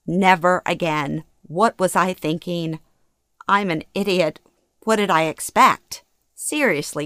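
Earnest middle-aged woman, low, dry. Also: slow, clear, resonant tone, no room sound. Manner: earnest, emotionally expressive storytelling. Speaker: memoir narrator. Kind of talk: first-person memoir reading.

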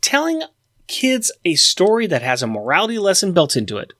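Brief: podcast host, animated pitch, dry close sound, playful segment-runner. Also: brisk, no room sound. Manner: playful, mock-formal, running segments. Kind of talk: casual chat.

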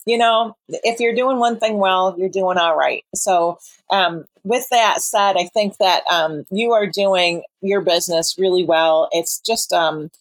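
A woman's voice: medium pitch, a little slow, dry recording. A woman hosting a podcast, chatting casually and encouraging her guest with plenty of fillers. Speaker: podcast host. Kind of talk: casual interview chat.

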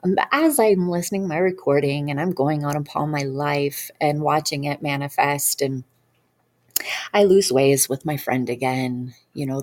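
A woman's voice: low-pitched, darkish tone. A woman practitioner telling a personal story in an earnest, rambling way with many fillers. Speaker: hypnosis practitioner.

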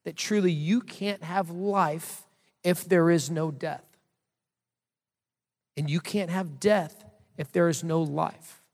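A man's voice: fairly high pitch, steady tone, slow pace, long pauses, a little mellow. A man in his thirties preaching a sermon as pastor, telling a story in a casual, conversational way with many fillers. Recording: long hall reverb.

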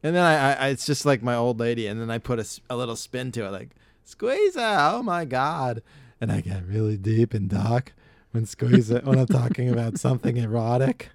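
A man's voice: medium pitch, brisk, darkish tone, dry recording. A man hosting a podcast, chatting casually in a rambling, profane way. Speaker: podcast host. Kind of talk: casual chat.

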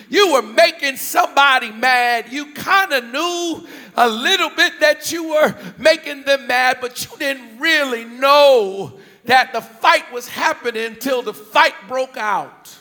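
A man from the US Northeast preaching a storytelling sermon to a big congregation, animated, with repeated questions and bursts of shouting. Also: very high-pitched, unhurried. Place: large church hall with thousands present. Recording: large hall reverb.

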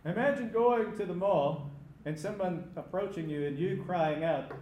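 A man preaching a sermon, emphatic, sometimes rising to loud cries. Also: sits high, normal speed, roomy sound.

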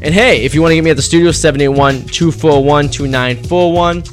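A man's voice: on the high side, fairly quick, soft background music. A young man hosting a college radio show from a campus studio, joking and rambling between clips. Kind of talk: casual radio chat. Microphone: studio mic.

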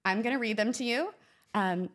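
A woman's voice: fairly high pitch, normal speed, a bit bright. Young woman podcast co-host, talkative and giggly, studio mic. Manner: chatty, laughs often, self-conscious. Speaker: co-host, law student. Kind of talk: casual podcast chat, reading forum posts aloud. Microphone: studio microphone.

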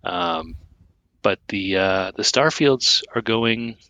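A man's voice: fairly low pitch, slow pace, pushed and bright, dry recording. A man co-hosting a podcast in casual chat, rambling with many fillers and restarts. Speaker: podcast co-host.

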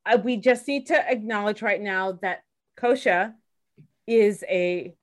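A woman's voice: mid-range voice, a little slow. Teasing woman podcast co-host. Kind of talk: interview chat.

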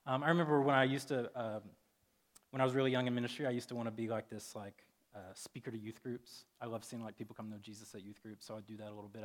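A man in his thirties, a pastor giving a casual, chatty sermon full of "like" and "um", breaking into loud, lively retellings. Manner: chatty, filler-heavy, jumps loud and high in animated retellings.

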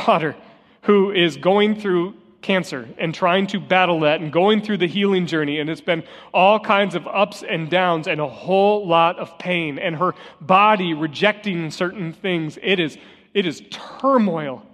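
A man's voice: high voice, normal speed, fairly bright tone. A man preaching a sermon as pastor, telling personal stories earnestly and repeating key phrases for emphasis. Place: church sanctuary. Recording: long hall reverb with faint guitar music.

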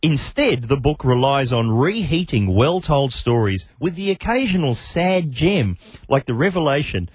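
A man's voice: medium pitch, sing-song, a little slow, slightly rough, dry recording. A man with an Australian accent co-hosting a radio show, bantering and laughing often. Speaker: radio co-host.

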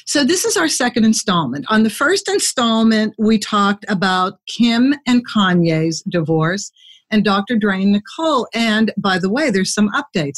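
A woman hosting a casual podcast interview, chatty and quick to laugh. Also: medium pitch. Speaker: podcast host.

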